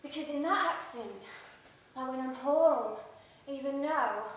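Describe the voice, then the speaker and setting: A woman with a northern English Wigan accent delivers a theatre monologue in a slow, halting, chatty way, full of pauses. Her voice sits a little high. It is picked up from a distance in a very echoey hall over a faint hiss. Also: fairly bright tone. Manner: halting, conversational, with many pauses. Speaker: stage performer. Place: arts centre theatre stage.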